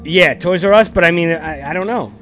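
A man's voice: fairly high pitch, fairly quick, fairly bright tone, faint music behind. A man co-hosting a casual, crude comedy chat, giggling and rambling with repeated catchphrases. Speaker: podcast co-host.

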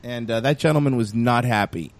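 A man co-hosting a casual podcast, throwing in teasing comments and quick reactions. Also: medium pitch, no echo. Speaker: podcast co-host. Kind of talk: casual chat.

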